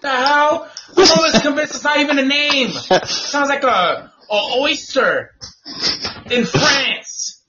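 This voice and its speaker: A man co-hosting a podcast outdoors on a patio, talking loudly with profane, laughing banter. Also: extremely high pitch, slow pace, muffled recording, crowd noise. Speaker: podcast co-host. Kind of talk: casual chat.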